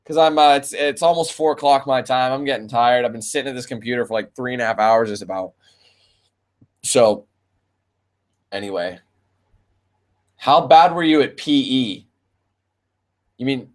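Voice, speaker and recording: A man's voice: mid-range voice, normal speed, long pauses. A man in his twenties with a Canadian accent, a gaming streamer answering viewer questions in a casual, profane chat. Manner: laid-back and profane, calls viewers man and bro.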